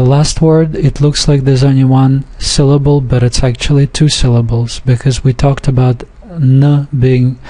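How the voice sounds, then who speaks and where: Slow, mellow-voiced man teaching pronunciation. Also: mid-range voice. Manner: slow and deliberate, reads example words aloud. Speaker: language teacher. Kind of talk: recorded language lesson.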